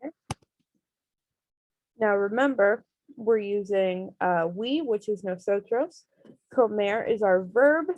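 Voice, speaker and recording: A woman's voice: mid-range voice, takes it slowly, pauses often, a little mellow, dry recording, muffled recording. Patient woman teaching an online class. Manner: patient, explains step by step with many ums. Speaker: Spanish teacher.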